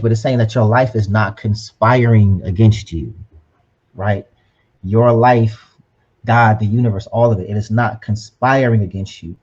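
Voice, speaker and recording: A man's voice: fairly low pitch, darkish tone, slightly rough, dull audio. A man co-hosting a podcast in an upbeat, preachy tone, often tagging "right?" onto his points. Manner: upbeat, preachy, often adds "right?" and "you know what I'm saying". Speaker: podcast co-host. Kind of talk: casual motivational podcast chat.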